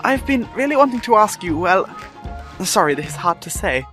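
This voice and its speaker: Brief: flustered young woman on a dinner date in a high falsetto, put on by a male gamer. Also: sing-song, moderate pace, bright, forceful tone, faint music behind, heavily acted.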